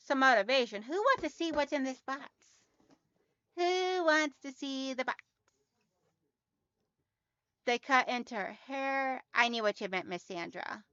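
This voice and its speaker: A woman's voice: sits high, sharp tone, clear, resonant tone, no echo, lo-fi sound. A woman hosting a casual quilting livestream, chatty and talking straight to her viewers as she reads out their comments.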